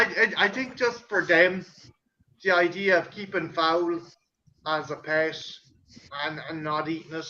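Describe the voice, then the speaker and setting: A man telling a family story in casual chat, animated and swearing, acting out his parents' voices. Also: on the high side, highs cut off. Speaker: host.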